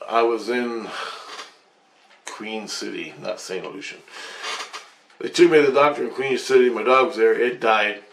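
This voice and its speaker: A man's voice: lowish voice, measured pace, gravelly, long pauses, a bit bright. Man swearing through a rambling dream story. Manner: profane, agitated storytelling. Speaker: vlogger recounting dreams. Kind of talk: rambling casual monologue. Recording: echoey room with faint noise.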